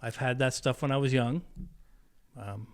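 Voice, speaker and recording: A man in his fifties opens up as a podcast guest in a mid-pitched voice. He talks candidly and with feeling, often stopping and restarting his sentences as he works through painful memories. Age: 50s. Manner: emotional, candid, halting with restarts. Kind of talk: personal storytelling interview.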